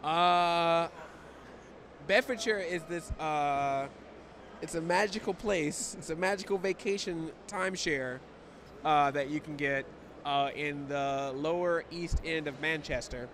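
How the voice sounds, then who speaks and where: An American comedian, guesting in a casual outdoor interview at a bustling convention, jokes around with laughter and goofy voices in off-the-cuff chat. He speaks slowly in a voice on the high side and a bit bright, with slight background noise.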